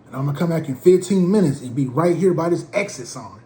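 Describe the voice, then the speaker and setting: A man from Portland telling a comic story in an animated, slangy way. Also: a little high, fast talker. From Portland, USA. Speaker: comedic storyteller. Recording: roomy with faint ambience.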